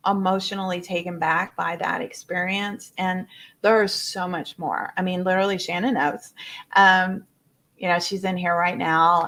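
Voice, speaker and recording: A woman, a personal development coach, telling a personal story to an audience in an expressive way, full of fillers and repeated words. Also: on the low side.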